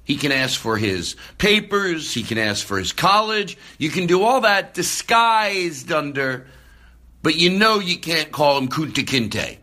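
A man hosting a podcast, talking casually and excitably, with many restarts, recorded into a phone. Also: fairly high pitch, unhurried. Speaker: podcast host. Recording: phone recording, far from the mic.

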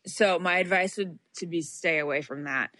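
Her voice on the low side and a bit bright, this young adult co-host chats on a podcast at normal speed. She's a chatty storyteller who laughs frequently and leans heavily on "like," captured in a dry, studio-quality recording.

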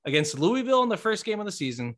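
This sports podcast co-host has a high-sitting voice and talks fast. Chatting casually, he stays animated and emphatic, going over his points repeatedly.

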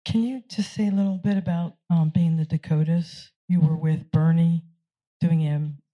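A woman's voice: on the low side, fairly even intonation, moderate pace, mellow, lo-fi sound. A woman in the audience asking the speaker a tentative, polite question.

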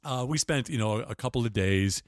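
A man's voice: medium pitch, moderate pace, dry recording, studio quality. An older man, a guest on an interview show, telling rambling stories with restarts and laughs. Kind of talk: casual storytelling interview.

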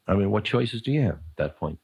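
A man's voice: on the low side, animated, quick pace, a little mellow, breathy edge, no echo. A man giving an informal spiritual talk as a teacher, musing in a conversational, playfully blunt way as he answers a question.

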